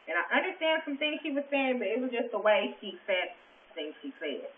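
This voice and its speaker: A woman's voice: a little high, very animated, fairly quick, a little hiss or hum. A woman bluntly recapping a TV episode in a casual, gossipy way, swearing freely. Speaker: TV recap vlogger. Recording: echoey, tinny phone-like sound.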